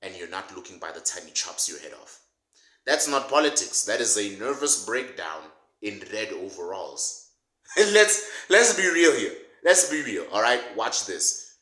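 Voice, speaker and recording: Male commentator, mocking comedic rant, animated delivery, roomy sound. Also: on the low side, moderate pace. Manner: sarcastic, mocking, laughs at his own jokes. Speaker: political commentator. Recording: roomy echo.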